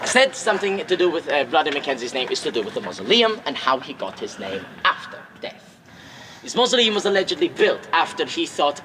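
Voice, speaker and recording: A man's voice: fairly high pitch, big pitch swings, a little fast. A man leading a ghost tour outdoors, telling dramatic stories in a jokey, teasing way and ordering the group about, recorded from within the crowd. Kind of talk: theatrical storytelling to a tour group. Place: outdoors in a graveyard on a city street. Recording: noisy outdoor recording with passing traffic.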